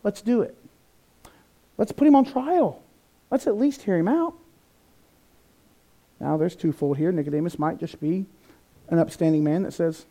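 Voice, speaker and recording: A male pastor delivers an animated sermon. His voice sits high for a man but sounds mellow and warm, and he acts out the people he quotes with sudden jumps in pitch and volume. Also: normal speed, pauses often.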